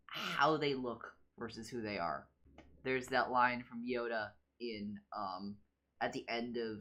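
Animated woman podcast co-host. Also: rumbling low. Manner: animated, jokey, quotes lines in put-on voices. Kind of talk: casual podcast discussion.

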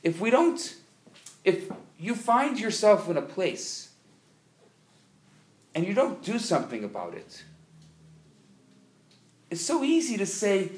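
A man's voice: high voice, sing-song, slow, long pauses, a little mellow, roomy sound. A man giving an inspirational sermon at a convention, telling a story with frequent restarts and building to emphatic appeals. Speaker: speaker at a religious convention.

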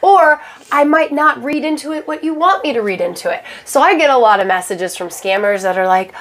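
A woman's voice: high voice, lively intonation, brisk, fairly bright tone. A woman co-hosting a podcast on tarot, chatting casually with many fillers and playing out quoted exchanges. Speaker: podcast co-host, tarot reader. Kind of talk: casual chat.

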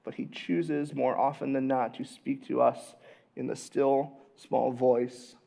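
A man in his thirties preaching a conversational sermon as a pastor, dropping to a hush and then rising loud and animated. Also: medium pitch, takes it slowly, gravelly.

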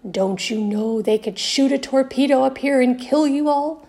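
A woman's voice: sits high, normal speed, dark tone, voice pushed up. A woman voicing a stern army officer who growls a warning, in a storybook reading. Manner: growling, scolding. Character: stern gruff army officer, grown man.

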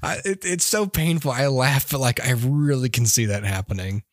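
A man in his thirties co-hosting a podcast, joking and quick to laugh in casual chat. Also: medium pitch, no echo, studio quality. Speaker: podcast co-host.

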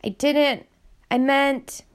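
A woman reading an audiobook, voicing a frightened, hungry young girl on the run, pitched up and pleading, with a gravelly voice. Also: fairly even intonation, very slow, noisy background. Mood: alarmed.

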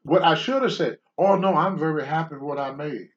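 Man, storyteller, blunt and animated, voice a touch high, muffled lo-fi sound. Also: fairly quick. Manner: animated, acts out the voices of the people he quotes; blunt, rough language. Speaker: guest telling stories of his wrestling career. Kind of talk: casual spoken storytelling.

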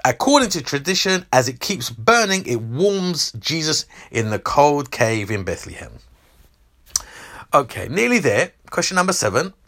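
Hosting a Christmas quiz, this man reads out multiple-choice questions and options and teases the contestants in an animated way. His voice is on the high side, and he speaks at a moderate pace.

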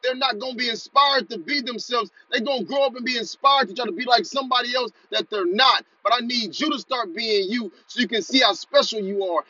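High, bright-voiced motivational man. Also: slightly rough, dry recording, muffled recording. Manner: urgent, exhorting, leads repeat-after-me chants. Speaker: podcast host. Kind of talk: motivational podcast monologue.

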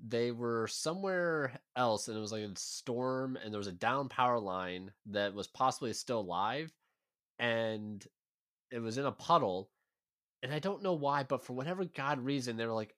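A man's voice: mid-range voice, moderate pace, fairly bright tone. A man co-hosting a podcast, chatting casually with joking, self-deprecating banter. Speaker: podcast co-host. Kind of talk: casual chat.

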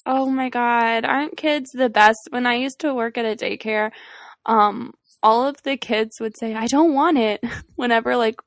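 A young woman co-hosts a podcast in a casual chat, giggly and talkative, laughing a lot and using many fillers. Her voice is a little high and a little slow, with studio-quality sound and no echo.

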